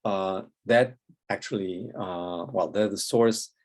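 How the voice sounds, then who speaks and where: A man's voice: low-pitched, slow, a little mellow. A man with a German accent giving a recorded linguistics lecture, explaining step by step with many fillers and a recurring "yeah".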